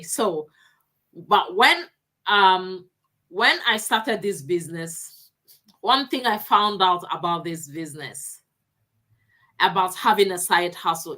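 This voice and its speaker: A woman's voice: lowish voice, a bit bright. A woman on a video call telling her own experience in a personal, reflective way. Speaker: panelist. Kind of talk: casual chat on a video call.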